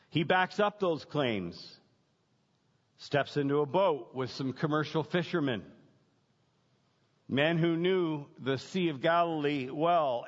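A man preaching a sermon as pastor, emphatic, building points through repetition and dramatic pauses. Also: on the high side. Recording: dull lo-fi sound with long hall reverb.

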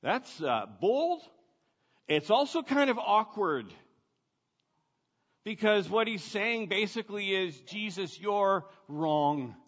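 Slow-speaking preacher in a reverberant hall. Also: male voice, sits high, big pitch swings, fairly bright tone, husky. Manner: conversational, emphatic preaching with rhetorical questions. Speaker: pastor. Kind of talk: sermon. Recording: dull lo-fi sound with long reverb.

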